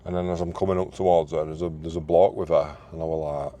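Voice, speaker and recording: A man's voice: sits low, fast talker. A young man, telling a story in a casual, slangy way outdoors by a road. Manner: animated, slangy storytelling with put-on quoted voices. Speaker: vlogger. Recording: loud traffic noise outdoors.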